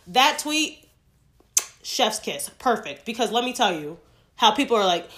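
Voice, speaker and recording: A woman's voice: a little high, big pitch swings, unhurried, long pauses, fairly bright tone. A woman hosting a solo podcast, speaking emphatically and outspokenly and swearing freely. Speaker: podcast host.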